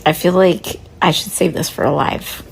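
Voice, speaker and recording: A woman's voice: on the low side, steady tone, normal speed, vocal fry, slight background noise. A woman politician speaking in a direct, conversational way in a casual social media video.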